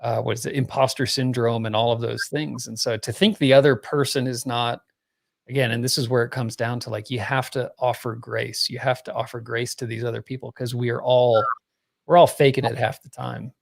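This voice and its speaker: Male guest, middle-aged, gravelly fry in the voice, loose conversational delivery. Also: medium pitch, brisk. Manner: relaxed, rambling, filler-heavy talk. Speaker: podcast guest. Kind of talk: casual podcast conversation.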